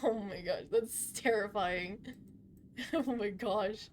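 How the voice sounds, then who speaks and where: A young adult woman streaming a game live, chatting casually and swearing constantly, with loud outbursts. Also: medium pitch, takes it slowly, a little hiss or hum. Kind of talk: casual gaming livestream chat.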